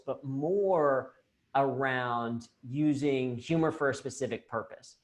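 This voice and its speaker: An American man giving a lively, jokey talk on humor at work during a video-call Q&A. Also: mid-range voice, measured pace. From United States. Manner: animated, jokey, self-deprecating. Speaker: humor and leadership speaker.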